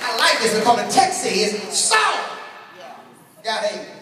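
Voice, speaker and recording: A male pastor preaching a sermon, swinging from quiet asides to shouted call-outs. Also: very high voice, very animated, a little slow, some chatter behind. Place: large church sanctuary with congregation. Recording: echoey church hall from far off.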